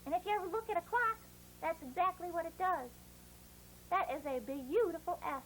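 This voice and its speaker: A performer gives voice to a cheerful puppet boy who teaches kids to write their letters, sounding bouncy, encouraging, and sing-song in a playful, cheery lesson. The pitch is extremely high, the pace fairly quick, and the tone a bit bright, but the audio is poor with slight background noise.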